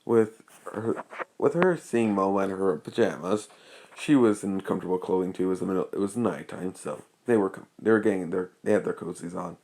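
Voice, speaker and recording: A man's voice: deep voice, a little fast, gravelly, a little mellow, slight background noise. A man improvising a fan story as narrator, rambling with many restarts.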